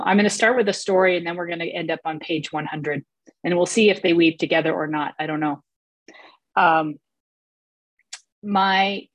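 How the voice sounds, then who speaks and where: A woman's voice: fairly low pitch, dry recording. Hesitant woman sharing at a recovery meeting. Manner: hesitant, many fillers and restarts. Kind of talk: personal share at a recovery meeting.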